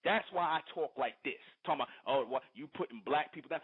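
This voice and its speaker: Scolding radio host on a tinny line. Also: male voice, a little high, fast talker, few pauses, breathy edge. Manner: combative, scolding, repetitive lecturing. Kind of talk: heated call-in radio rant. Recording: tinny phone-line broadcast audio.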